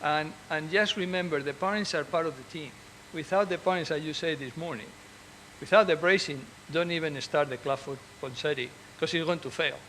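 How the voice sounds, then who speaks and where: Surgeon, male, a bit high in pitch, earnest and encouraging, stops and restarts often, faint noise behind. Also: brisk, fairly bright tone, rough recording. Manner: earnest and encouraging, with frequent restarts and repeated words. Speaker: orthopedic surgeon. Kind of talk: speaking to fellow doctors.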